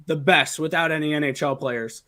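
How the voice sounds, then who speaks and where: A man co-hosting a casual sports betting show, laying out his hockey bets quickly with many fillers. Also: fairly high pitch, pushed and bright.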